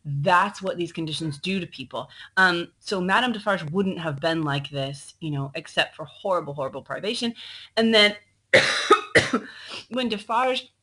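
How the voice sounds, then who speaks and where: Recording a slideshow lecture at her computer, a woman teacher talks straight to her class, chatty and filled with ums, while coughing with a slightly choked throat. Her voice is lowish, husky, pushed and bright, at a measured pace, and the audio quality is poor.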